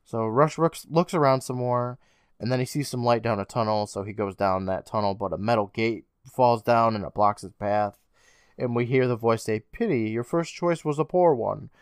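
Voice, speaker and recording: A man's voice: medium pitch, fairly even intonation, normal speed, clear, resonant tone, no echo, studio quality. Male podcast co-host: casual, sarcastic, recapping scene by scene. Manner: chatty, swears casually, sarcastic asides.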